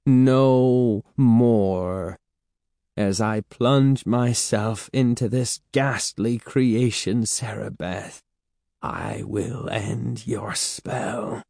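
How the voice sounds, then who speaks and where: In a dry, studio-quality recording, a man with a warm, medium-pitched voice reads from a storybook. He voices a frightened, remorseful middle-aged woman held as a servant, who speaks sorrowfully and pleadingly before turning defiant.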